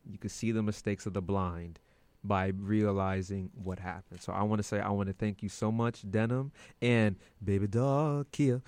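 A man's voice: lowish voice, a little mellow, smooth, no echo. A man hosting a radio show from the studio board, playful and joking with his guests. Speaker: radio host.

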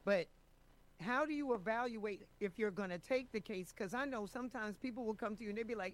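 A woman's voice: mid-range voice, a little fast. A woman co-hosting an interview, chatty and upbeat as she asks her guest questions. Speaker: co-host. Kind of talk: casual interview talk.

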